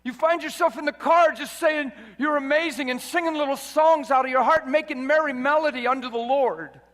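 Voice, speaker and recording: A man's voice: extremely high pitch, brisk, a bit bright. A man preaching a sermon in a large hall, exuberant and emphatic, often breaking into laughter. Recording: reverberant hall.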